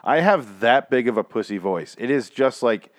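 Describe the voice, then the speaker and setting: A man's voice: medium pitch, animated, normal speed, dry recording, studio quality. A man hosting his own podcast, recapping a show in a rambling, profane, joking way, his voice strained and shaky from singing days before. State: strained, recovering voice. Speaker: podcast host. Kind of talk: casual solo show recap.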